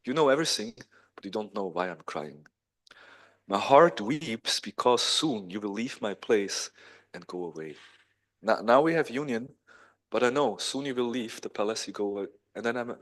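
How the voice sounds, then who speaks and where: A man's voice: on the low side, lively intonation, normal speed, a bit bright. A man voicing a tearful, devoted queen who pleads earnestly with her lord. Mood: earnest pleading.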